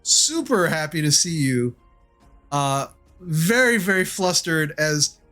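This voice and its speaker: Brief: easygoing male game master, slightly high voice, faint music behind. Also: slow. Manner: relaxed, filler-heavy narration. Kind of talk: narrating a tabletop game.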